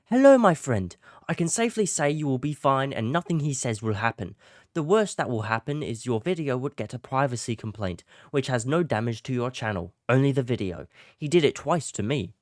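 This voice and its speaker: A man's voice: mid-range voice, sing-song, fairly quick, no room sound, studio quality, pitched above the performer's own voice, lightly acted. A man putting on a British accent to read out a friend's reassuring message in a mock-posh, upbeat way.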